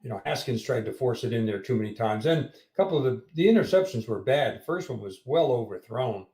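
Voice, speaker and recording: Mid-pitch guy, echoey room, hesitant sports chat full of uhs. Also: animated, a little fast, dark tone. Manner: hesitant, filler-heavy. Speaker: podcast co-host. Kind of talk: casual post-game sports chat.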